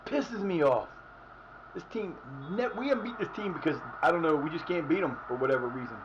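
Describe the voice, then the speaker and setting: A man's voice: fairly high pitch, expressive, fairly quick, muffled recording, background noise. A man streaming a football game live, swearing often as he rants at his team's play. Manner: frustrated, profane ranting at the game.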